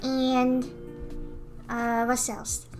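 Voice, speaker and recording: A woman's voice: sits high, completely flat delivery, drawn-out words, soft background music. A female streamer chatting casually while she draws, giggling often and answering her chat.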